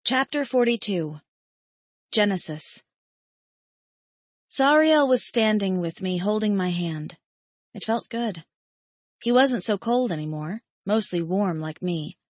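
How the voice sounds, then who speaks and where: Woman reading a romance audiobook, slow, gentle, dry close sound. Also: mid-range voice, expressive, no room sound. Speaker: audiobook narrator. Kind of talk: first-person audiobook narration. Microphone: studio mic.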